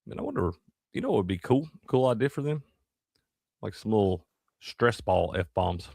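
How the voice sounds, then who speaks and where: A man's voice: on the low side, animated, normal speed, creaky, darkish tone, no echo, clean studio sound. A man co-hosting a sports show, joking around and chiming in with agreement. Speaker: co-host. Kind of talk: casual sports show chat.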